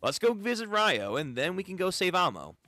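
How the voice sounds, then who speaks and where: Man doing a mellow, easygoing peacekeeper, fairly high lively voice, dry room, faint music. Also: brisk, dry recording, exaggerated voice. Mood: soothing. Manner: soothing, laid-back.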